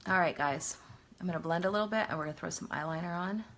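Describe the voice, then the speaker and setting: A woman's voice: on the low side, fast, a bit bright, soft background music. A middle-aged woman chatting casually through a makeup tutorial, self-deprecating and talking as she works. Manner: chatty, self-deprecating, talks while working. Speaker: makeup vlogger.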